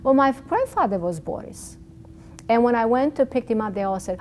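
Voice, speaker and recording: A woman's voice: on the high side, a little fast, a little hiss or hum. Yugoslav-accented woman telling a story. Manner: animated storyteller who acts out dialogue, frequent restarts. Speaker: interview guest, oncologist. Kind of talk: storytelling interview chat.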